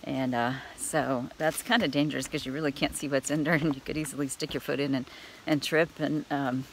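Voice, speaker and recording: A chatty woman with a low voice vlogs from a forest trail, laughing often as she talks. She speaks into a handheld camera outdoors, with faint outdoor ambience behind her. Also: steady tone, brisk, a little hiss or hum. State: out of breath on climbs. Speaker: hiker vlogger. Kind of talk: casual trail vlog.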